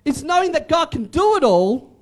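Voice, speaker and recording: A man's voice: very high-pitched, very animated, normal speed. A man preaching a sermon as pastor, emphatic and repetitive, with joking asides.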